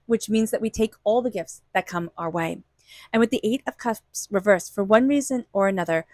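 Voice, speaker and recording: A woman talks through a tarot spread in a warm, gushing way, full of "you know" and "like." Her voice sits in an ordinary middle pitch. It is recorded close in a dry room with no echo. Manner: gushing, lots of "you know" and "like", slips into playful voices for quotes. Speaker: tarot reader. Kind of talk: intuitive tarot reading vlog.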